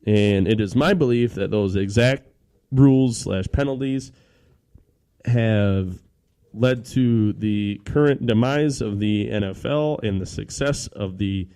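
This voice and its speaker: Young guy with a hoarse voice, dark and mellow, complaining on a sports podcast. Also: lowish voice. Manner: ranting, exasperated. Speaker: podcast co-host. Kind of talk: casual sports podcast chat.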